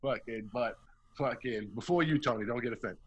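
A man's voice: mid-range voice, fairly quick, muffled recording. A man in casual chat, talking emphatically and swearing often. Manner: profane, emphatic.

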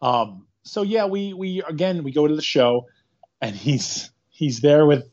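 A man co-hosting a casual chat about a movie, retelling scenes in a rambling, animated way with quick quoted asides. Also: a little high. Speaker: podcast co-host. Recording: dull lo-fi sound.

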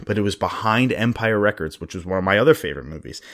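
A man co-hosting a casual podcast, ranting as he tells a story with animated frustration. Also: fairly low pitch, fast. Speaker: podcast co-host. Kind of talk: casual chat.

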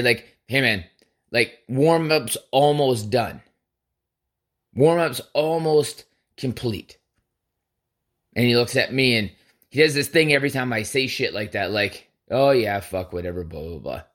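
A man hosting a podcast and telling a workout story in a casual monologue, blunt and full of swearing, acting out what he and others said. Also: mid-range voice. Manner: blunt and profane, heavy cursing; acts out his own quoted lines. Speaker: podcast host.

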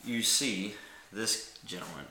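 Brief: man as game master, easygoing descriptive narration, low bright voice, roomy sound. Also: slow, slight background noise. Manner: relaxed, descriptive narration with frequent laughs.

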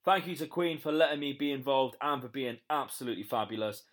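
A man's voice: medium pitch, steady tone, fast talker. A young British man with a British accent, upbeat and promotional as a guest pick on a wrestling podcast. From Britain. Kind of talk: pre-recorded podcast segment.

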